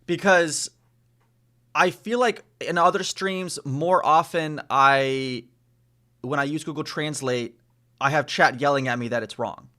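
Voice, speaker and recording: Streamer, male, native Spanish speaker, slightly high voice, repeats phrases as he sounds them out. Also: pushed and bright. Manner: repeats phrases slowly, sounding out foreign words. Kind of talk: casual live-stream language practice.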